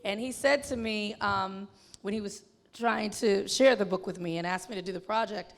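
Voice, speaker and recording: Animated woman telling stories in a hall. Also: medium pitch, normal speed. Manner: animated, chatty storytelling with many fillers. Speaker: filmmaker guest. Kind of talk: onstage festival conversation. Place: film festival venue with an audience. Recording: long hall reverb.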